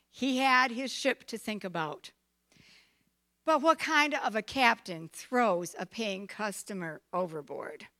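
A woman telling a Bible story for children, lively, dramatic and playful. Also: on the high side.

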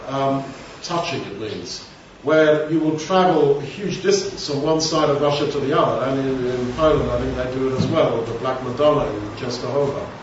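A man's voice: mid-range voice, moderate pace, hardly any pauses, slight background noise. A man giving an informal Bible teaching, talking conversationally with rambling asides. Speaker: preacher. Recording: echoey room, distant mic, dull sound.

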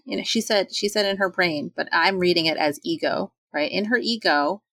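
A woman in her forties in casual talk, chatty and animated, acting out quoted voices with sudden jumps in pitch. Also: moderate pace, no room sound. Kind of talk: casual talk on self-doubt.

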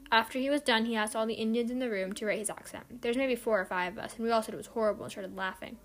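A woman's voice: a little high, steady tone, quick pace, a little hiss or hum, poor audio. A teenage girl hosting a book review podcast, talking in a chatty, earnest way. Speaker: podcast host.

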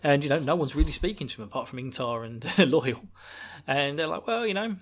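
A man hosting a casual book recap, telling the story in an animated, playful way with frequent laughs. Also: mid-range voice, a little fast. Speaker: book discussion host.

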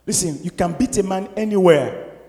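A man preaching a sermon as a pastor, emphatic and at times shouting. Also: sits high, normal speed. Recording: echoey hall.

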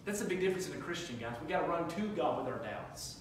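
A man in his thirties preaches a sermon, his voice high and bright. He moves from easy conversational talk to loud, shouted exhortation. The sound is distant and heavily echoing, with a faint hiss behind it. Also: expressive, quick pace. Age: 30s. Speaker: pastor. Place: church sanctuary.

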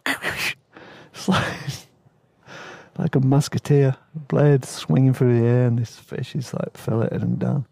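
Guy rambling through sailing yarns, gravelly low-key voice, dry close mic. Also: slow pace, pauses often, a little mellow, no echo. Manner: rambling and laughing, with fillers and slang. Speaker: podcast host telling travel stories. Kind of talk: casual storytelling.

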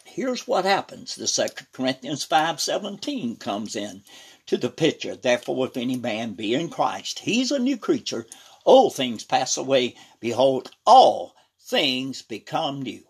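A male preacher with a husky, slightly rough voice delivers a sermon at a middling pitch. His intonation leaps up and down as he reads scripture with emphasis. He keeps breaking in with "praise God" and "hallelujah", moving between loud and soft.

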